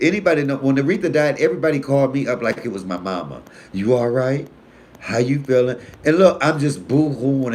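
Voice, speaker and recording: A man from Detroit, working as a comedian, tells stories in a live video with a lively, bouncing pitch. He swears freely and swings from loud outbursts to hushed asides. A faint noise sits behind him. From Detroit, USA. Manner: animated, profane, swings between loud and hushed. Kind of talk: casual live-stream storytelling.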